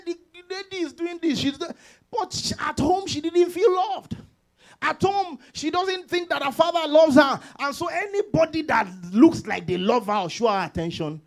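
A man preaching a sermon as pastor, animated, laughing often and acting out quoted voices. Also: very high-pitched.

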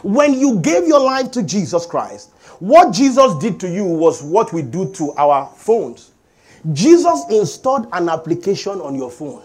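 A middle-aged man preaching a sermon as pastor, animated and calling for amens from the congregation. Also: high voice, measured pace. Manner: animated preaching with call-and-response.

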